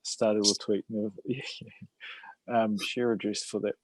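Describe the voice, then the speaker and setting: A man's voice: on the low side, flat delivery, extremely slow, slightly rough, no echo, low-quality recording. A man hosting a casual livestream chat, hesitant and full of ums and restarts. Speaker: host.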